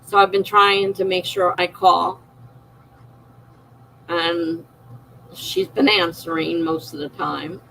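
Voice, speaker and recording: A woman's voice: fairly low pitch, fairly even intonation, slow pace, gravelly, long pauses, pushed and bright, a little hiss or hum, low-quality recording. A middle-aged woman streaming a personal, emotional monologue, confiding and circling back on herself as she talks. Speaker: live streamer.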